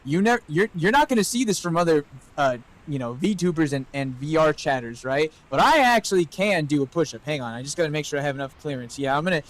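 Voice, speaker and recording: Male streamer, slightly high voice, playful and jokey, casual stream chat. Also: animated, fast, hardly any pauses, low-quality recording. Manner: playful, joking, swears freely. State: out of breath. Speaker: VTuber streamer.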